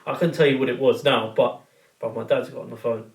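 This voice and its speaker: A young man telling animated, slang-heavy stories in a casual podcast chat. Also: mid-range voice, a little fast. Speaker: podcast guest or co-host. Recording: roomy, distant mic.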